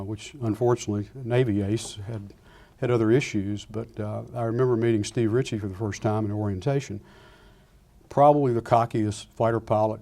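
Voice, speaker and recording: An older man, a retired Air Force pilot, giving a lecture full of anecdotes and acting out the dialogue with lively restarts. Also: on the low side. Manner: animated storyteller acting out dialogue, frequent restarts.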